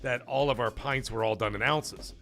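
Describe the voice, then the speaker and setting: A man's voice: mid-range voice, normal speed, gravelly, bright, forceful tone. Rambling, swearing male streamer. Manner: rambling, swears freely, many fillers and restarts. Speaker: streamer and show host. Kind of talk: casual live-stream chat answering viewers.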